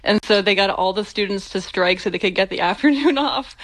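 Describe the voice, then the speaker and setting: A woman interviewed on the radio, talking about her late father, moved and laughing softly between phrases. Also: mid-range voice, brisk, low-quality recording. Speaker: interview guest, daughter. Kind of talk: phone interview.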